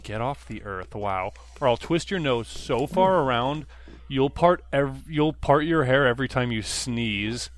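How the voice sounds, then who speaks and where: Snarling teen bully, crude and sneering, read by a man, mid-pitched, raised voice. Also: animated, unhurried, close to an everyday voice.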